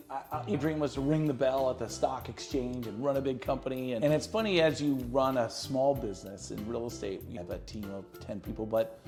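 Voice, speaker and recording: A middle-aged man, a real estate agent on a podcast, telling lively stories and acting out the people in them. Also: mid-range voice. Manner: lively, acts out quotes in his stories. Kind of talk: animated storytelling in an interview.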